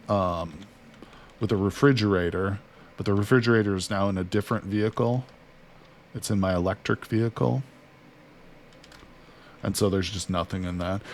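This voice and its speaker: Low-voiced man chatting through a game. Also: a little hiss or hum. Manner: chatty, talks to himself and his character. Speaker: gaming streamer. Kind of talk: casual let's-play commentary.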